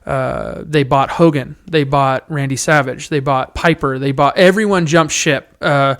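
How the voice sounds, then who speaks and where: A young man co-hosting a podcast in casual chat, excitable, swearing freely and often laughing loudly. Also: mid-range voice, unhurried. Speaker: podcast co-host.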